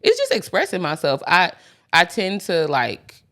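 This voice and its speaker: A woman in her thirties co-hosts a casual podcast chat, her low voice carrying some gravelly fry. She rambles freely with plenty of fillers, and her pitch swings a lot as she talks. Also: a little slow. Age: 30s. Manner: chatty, rambling, many "like" fillers; animated storyteller who acts out quotes. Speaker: podcast co-host.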